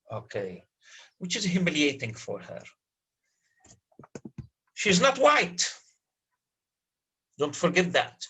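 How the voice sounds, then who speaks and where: Guy teaching a lit class, slow and kinda husky, keeps asking if u follow. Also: mid-range voice, sharp tone, low-quality recording. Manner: repeats key words, checks understanding with the class. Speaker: lecturer. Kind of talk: university literature lecture.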